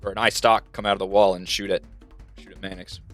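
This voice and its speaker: Male game master, bright, playful, self-correcting, dry recording. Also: low voice, level tone, fast talker, no echo. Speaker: dungeon master. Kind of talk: narrating a tabletop game. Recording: dry mic with faint music.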